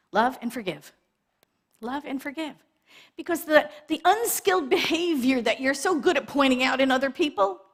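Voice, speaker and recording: Animated woman minister giving a sermon. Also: sits high. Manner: animated, laughing often, asks the congregation "right?".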